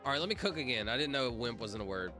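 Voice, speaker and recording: A man chats loosely with his viewers on a live stream, and his voice swings up and down a lot as he talks. He spells words out letter by letter while music plays clearly behind him. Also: medium pitch, lively intonation, fast. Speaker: livestreamer. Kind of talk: casual livestream chat. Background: music playing.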